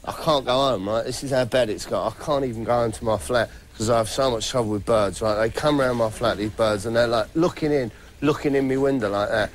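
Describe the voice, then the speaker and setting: A man delivering a rambling comic monologue, deadpan and boastful. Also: medium pitch, brisk, few pauses. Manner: chatty, deadpan boasting, laughing at own jokes. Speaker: comedy host. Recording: noisy background.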